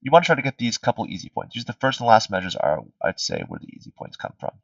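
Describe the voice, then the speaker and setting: A man's voice: medium pitch, very animated, fast talker, no room sound. A man tutoring music theory in a casual review session. He sings melody fragments on syllables and keeps checking in with "right?". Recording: distant, slightly dull streamed audio.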